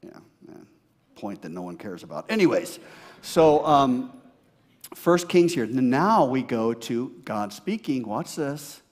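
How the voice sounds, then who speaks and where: A man pastor preaching a sermon, swinging from loud emphasis to hushed, near-whispered asides. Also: medium pitch, big pitch swings, slow pace.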